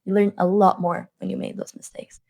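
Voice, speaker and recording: A woman's voice: medium pitch, flat delivery, brisk, vocal fry, darkish tone. A woman with a non-native accent, a language coach giving an earnest motivational talk to camera, repeating her points for emphasis.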